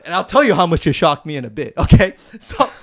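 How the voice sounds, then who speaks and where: A young man telling a dating story in a casual podcast chat, emphatic and animated, often laughing and checking in with "okay?" and "right?". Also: on the high side, quick pace. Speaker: podcast guest.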